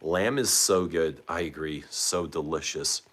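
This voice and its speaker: Deep-voiced man hosting a chatty livestream. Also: measured pace, a bit bright. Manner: chatty, asks viewers questions. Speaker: livestream host. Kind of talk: casual livestream chat reading comments.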